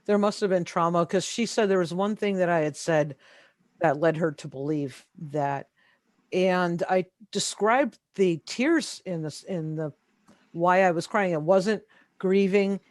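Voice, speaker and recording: A woman interview guest on a video call, telling her own story in casual speech, hesitant and halting, repeating words as she searches for them. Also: fairly low pitch, a little mellow, no echo, low-quality recording. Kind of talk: casual first-person storytelling.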